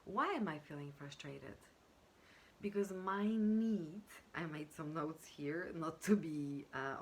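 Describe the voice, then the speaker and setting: A woman with a low voice explains how to communicate, talking slowly and pausing often with small fillers. She teaches step by step and sometimes acts out example sentences. A faint hiss sits under her voice. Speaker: communication coach.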